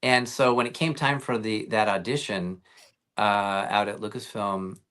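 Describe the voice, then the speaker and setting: A man's voice: lowish voice, fairly even intonation, measured pace, fairly bright tone. Chatty man telling rambling anecdotes. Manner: rambling anecdotes with many fillers and restarts. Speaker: guest actor. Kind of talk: casual interview chat.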